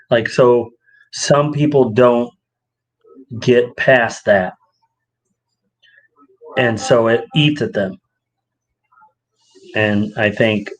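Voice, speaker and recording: Animated man acting out stories. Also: poor audio. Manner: animated storyteller, acts out quotes with rising pitch. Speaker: podcast co-host. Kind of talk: casual chat.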